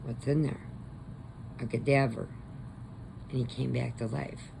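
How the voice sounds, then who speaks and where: A woman who runs a crochet channel rambles casually through the plot of a horror movie, slipping into quick voices as she goes. Her voice is very deep, gravelly and steady, with background noise in the recording.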